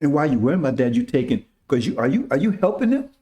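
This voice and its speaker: A man's voice: medium pitch, big pitch swings, fast, mellow. A man preaching informally to his followers, talking emphatically in casual street slang and often asking "See?". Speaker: religious teacher.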